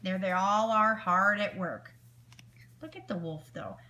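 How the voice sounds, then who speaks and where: Bright, expressive woman teacher reading aloud. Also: medium pitch, a little slow, lo-fi sound, a little hiss or hum. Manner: expressive, asks the listeners questions. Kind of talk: reading a picture book aloud to children.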